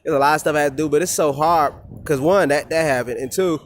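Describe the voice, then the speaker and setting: A man's voice: on the high side, fast talker, slight background noise. Rambling, cursing man venting. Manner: rambling, profane, many fillers and restarts. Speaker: vlogger. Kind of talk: casual rambling vent.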